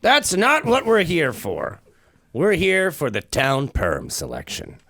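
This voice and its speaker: A gravelly, evil-sounding town mayor, put on by a man in an improv comedy bit. He blusters and barks orders at a crowd, his voice rough with fry and swinging widely in pitch. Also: huge pitch swings, slow, fairly bright tone, heavily acted. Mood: pompous.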